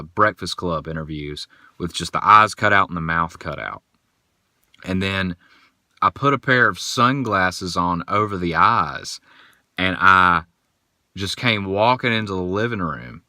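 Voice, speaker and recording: A man hosting a casual solo podcast, telling rambling, animated stories. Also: low voice, no room sound, studio quality. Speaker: podcast host.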